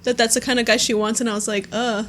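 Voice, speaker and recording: A young woman chats casually as a podcast host, with a bright and forceful voice that sits a little high. She fills her talk with "like" and quick laughs. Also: little pitch movement, a little hiss or hum. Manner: chatty, lots of "like" and laughs. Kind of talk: casual chat.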